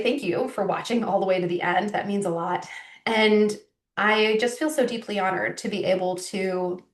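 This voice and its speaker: A woman's voice: mid-range voice, recorded from a distance. Middle-aged woman, coach, video call, effusive and grateful, roomy sound, set back from the mic. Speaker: coach hosting an online workshop. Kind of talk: live webinar wrap-up.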